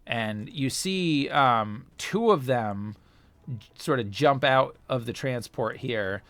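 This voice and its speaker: A man's voice: medium pitch, takes it slowly, fairly bright tone, no echo. A man narrating a tabletop role-playing game as game master, rambling with many fillers.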